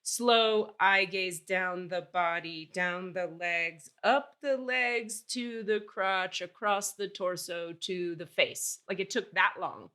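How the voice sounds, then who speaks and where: Bright, candid woman in her forties. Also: lowish voice, slow pace, few pauses, clear, resonant tone. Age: 40s. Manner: candid and exasperated, with frequent swearing; animated, acts out dialogue while telling stories. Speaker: podcast host. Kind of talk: casual podcast storytelling.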